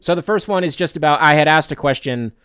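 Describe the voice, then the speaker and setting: A man hosts a casual sports podcast, his voice sitting a little high and coming through smooth and clear. He rants with heat, swears freely and keeps circling back to restart his thoughts. The sound is dry and close, with no room around it. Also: quick pace, a bit bright, no echo. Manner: heated, profane, rambling with restarts. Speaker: podcast host.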